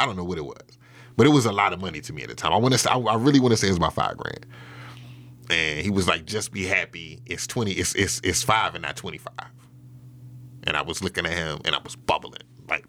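Man, low voice, forceful bright tone, rambling casual storytelling, profane. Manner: loose and profane, with many fillers and restarts. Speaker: interview guest.

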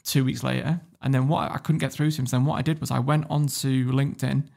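A man's voice: mid-range voice, flat delivery, fast, gravelly, darkish tone. A man telling a story as a podcast guest, blunt and swearing freely, laughing as he goes. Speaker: guest entrepreneur. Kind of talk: casual storytelling.

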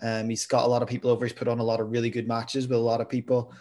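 A man co-hosting a podcast, chatting casually in a measured way that hedges his views. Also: mid-range voice, completely flat delivery, darkish tone. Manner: measured, hedging with "I suppose" and "kinda". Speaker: podcast co-host. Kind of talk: casual chat.

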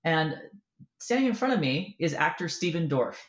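A woman author in a casual interview, telling a lively story and acting out the voices in it. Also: sits low, normal speed, roomy sound, muffled recording. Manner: animated storyteller, acts out quoted voices. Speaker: author guest.

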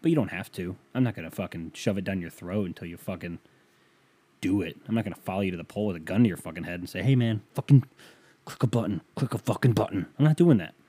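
A man's voice: low voice, lively intonation, fast, mellow, husky. A man hosting a casual solo podcast, rambling and swearing freely while reading listener emails, from the United States. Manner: profane, rambling, sarcastic. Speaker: podcast host.

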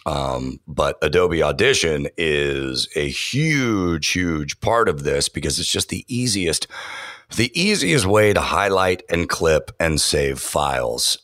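A man who works as a podcast producer and audio engineer, answering interview questions in a relaxed, thoughtful way with frequent fillers and restarts. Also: a bass voice, no room sound, clean studio sound.

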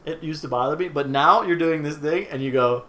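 A man's voice: on the high side, a little fast, a bit bright. Young man joking on a casual podcast. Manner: joking, laughing, says "dude" a lot. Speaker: podcast co-host. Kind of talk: casual chat. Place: small apartment room. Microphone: one shared desk mic about three feet away.

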